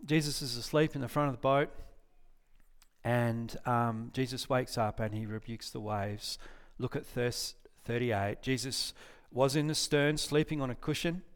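A man's voice: mid-range voice, a little slow, clean tone. Guy preaching a laid-back sermon, middle voice, reads verses, keeps fixing his words and asking the room stuff. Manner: informal, restarts and corrects himself, asks listeners questions. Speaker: pastor. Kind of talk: conversational sermon with scripture reading.

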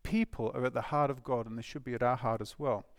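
A man preaching a sermon, animated and emphatic, with rhetorical questions and restarts. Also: medium pitch, quick pace, dry recording, studio quality.

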